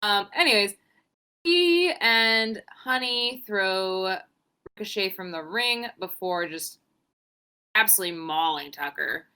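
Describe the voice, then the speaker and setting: A young woman chatting through a wrestling recap with a lively, swooping delivery. Her voice is bright and forward, and she acts out quotes between casual curses. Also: mid-range voice, takes it slowly, smooth. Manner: animated, swearing, acts out quotes. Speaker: podcast co-host.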